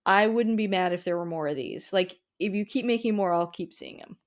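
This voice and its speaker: A woman's voice: mid-range voice, fairly quick. A woman with an ordinary mid-range voice talks casually on a movie podcast. She laughs often and keeps her sentences loose, dotting them with "like" and "you know". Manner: conversational, laughs often, hedging with "like". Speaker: podcast host.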